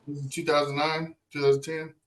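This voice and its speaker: A man hosting a casual podcast interview, asking questions in a relaxed, encouraging way. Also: a little high, brisk. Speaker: podcast host.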